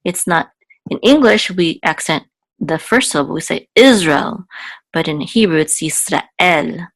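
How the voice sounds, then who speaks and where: A woman's voice: low-pitched, lively intonation, moderate pace, gravelly, no echo. A woman teaching Biblical Hebrew, explaining patiently with many fillers and then singing the chant marks. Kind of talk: explaining and chanting Torah cantillation.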